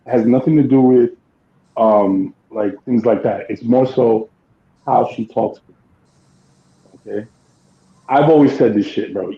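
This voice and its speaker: A man's voice: medium pitch, moderate pace, long pauses, roomy sound, highs cut off. Man with a blunt, swearing podcast chat. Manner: blunt and emphatic, swears freely. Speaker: podcast co-host. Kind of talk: casual chat.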